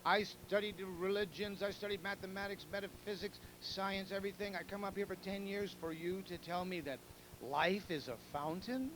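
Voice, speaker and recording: A man's voice: high voice, steady tone, normal speed, lightly acted. A man voicing an indignant male seeker in a joke, drawn out and incredulous, with a noisy hum behind.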